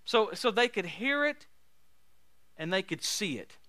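At a measured pace, this preacher animatedly recounts healing stories in a sermon, his high, bright voice forceful and punctuated by laughter and loud bursts of emphasis. It's recorded close and dry, with barely any room sound.

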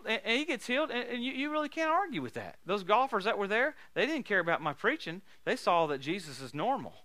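A man preaching with a high, bright, forceful voice, recorded close and dry with hardly any room sound. He tells healing stories in an animated way, laughing along and breaking into loud emphatic bursts. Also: no room sound. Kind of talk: sermon with healing testimonies.

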